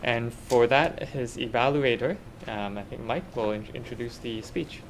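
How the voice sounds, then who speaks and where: A man's voice: medium pitch, moderate pace, gravelly, noisy background. A man hosting a club meeting. He thanks the last speaker and moves things along in an upbeat way, with fillers. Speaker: meeting host. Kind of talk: meeting emcee talk.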